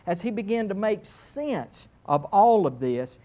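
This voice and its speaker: A man preaching a sermon, telling a funny personal story with animated swings in pitch and some self-mocking humor. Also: a little slow. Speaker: pastor.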